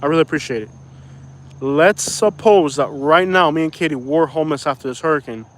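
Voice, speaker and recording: A man's voice: on the high side, brisk. Frustrated young man venting on a live stream. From Florida. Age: young adult. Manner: frustrated, venting, apologetic about swearing; says "bro" and "like" often. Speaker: YouTuber reading live chat. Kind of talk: casual live-stream rant.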